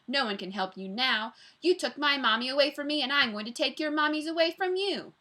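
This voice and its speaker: A woman's voice: high-pitched, expressive, a little fast, pushed and bright, voice pushed up. A woman reading aloud, voicing a mean male teacher who sneers and threatens the class. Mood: sneering. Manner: sneering, spiteful.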